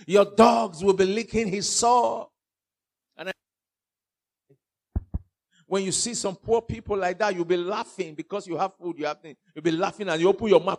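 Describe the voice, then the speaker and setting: A Nigerian-accented man preaching a fiery sermon, mixing in pidgin and swinging from loud outbursts to hushed warnings. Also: high-pitched, steady tone, moderate pace.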